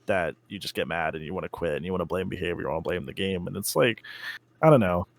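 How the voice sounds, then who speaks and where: A man talking as a guest on a casual gaming podcast, chatty and quick to laugh, with lots of "like" and "um". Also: deep voice, creaky, dry recording. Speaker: interview guest, expert game player.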